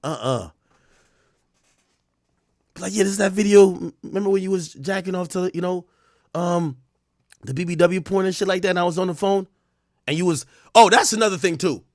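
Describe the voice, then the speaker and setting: A man streaming casual comedic commentary, profane and animated, breaking into loud shouted outbursts. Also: high voice, normal speed, long pauses, no room sound, clean studio sound.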